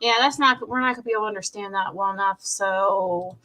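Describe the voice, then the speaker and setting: A woman's voice: mid-range voice, a little fast, a loud crowd. A woman hosting a casual commentary, talking loosely with restarts between the clips she plays. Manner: rambling, many restarts, speeds up in asides. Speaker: true-crime commentary host.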